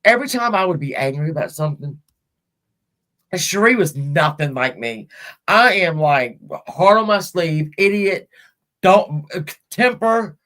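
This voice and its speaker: A woman's voice: fairly low pitch, expressive, unhurried, a bit bright. A middle-aged woman hosting a casual podcast, telling a personal story in a rambling, frank way and swearing freely. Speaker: podcast host.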